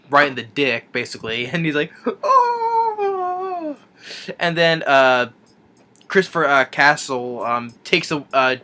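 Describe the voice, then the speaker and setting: A man's voice: mid-range voice, bright, forceful tone. A man reviewing a film, retelling the plot in a rambling, casual way with many restarts and chuckles.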